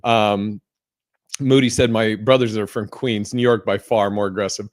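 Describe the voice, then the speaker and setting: A man's voice: lowish voice, steady tone, normal speed, dry recording, studio quality. A man hosting a podcast in casual chat, rambling with lots of fillers and casual swearing. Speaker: podcast host.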